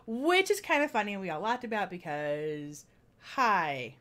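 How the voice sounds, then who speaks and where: Chatty woman vlogger, lively pitch. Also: unhurried. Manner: chatty, animated retelling with frequent laughs. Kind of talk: casual vlog storytelling.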